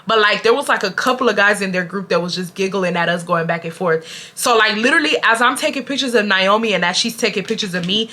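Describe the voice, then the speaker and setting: Young woman vlogger, bright and animated, slangy casual storyteller. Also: mid-range voice, fast. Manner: animated, slangy, addresses viewers directly.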